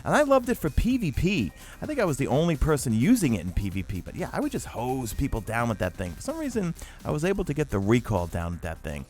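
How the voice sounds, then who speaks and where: A man's voice: mid-range voice, faint music behind. A man from New York with a toned-down New York accent, hosting a casual gaming Q&A chat with lots of fillers. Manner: animated, fast-talking with many fillers. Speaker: YouTube gaming host.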